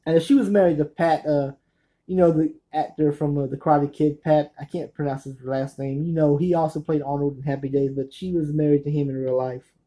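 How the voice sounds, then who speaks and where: Brief: man host, mellow tone, rambling chat about his movie collection, keeps losing names and restarting. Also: on the high side, fairly even intonation, fairly quick, low-quality recording. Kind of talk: casual rambling talk to camera.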